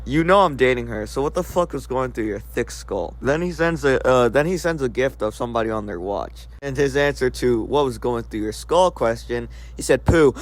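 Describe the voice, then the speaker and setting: A young man at an everyday middle pitch rants through a casual storytime over screenshots. He is sarcastic and profane. His delivery keeps tripping on fillers and restarts. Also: a little fast, hardly any pauses. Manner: frequent filler words and restarts. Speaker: vlogger recounting an online dispute.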